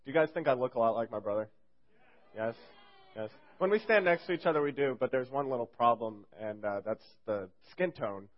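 A man's voice: mid-range voice, expressive, fairly quick. A young man giving a casual youth sermon as a fill-in speaker, rambling and joking with lots of fillers. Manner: rambling and jokey, heavy on fillers. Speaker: youth group speaker filling in. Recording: dull lo-fi recording.

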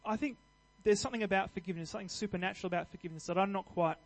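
Male preacher, high voice, earnest and conversational, emphatic at peaks. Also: very fast, poor audio. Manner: earnest, conversational, with restarts and fillers; builds to louder emphatic passages. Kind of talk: sermon.

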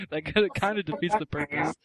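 A man's voice: a little high, very noisy. A man hosting a comedy podcast in casual chat, rowdy and often laughing. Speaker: podcast host.

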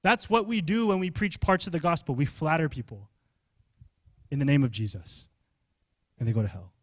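A young adult male pastor, preaching a sermon in an animated, conversational way and asking the congregation questions. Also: fairly high pitch, normal speed, dry recording.

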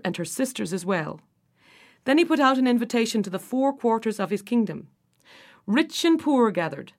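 Woman narrating a folktale, even-pitched. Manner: expressive, voices the characters with raised pitch. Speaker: storyteller.

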